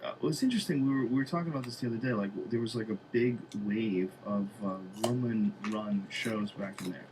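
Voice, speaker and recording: A man's voice: on the low side, brisk, hardly any pauses, background noise. A man hosting a podcast, chatting casually with blunt, profane banter. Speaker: podcast host.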